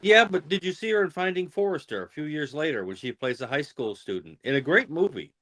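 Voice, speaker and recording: A man's voice: on the high side, expressive, a little fast, fairly bright tone. Opinionated man rambling about movies. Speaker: comedian guest. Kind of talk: casual chat.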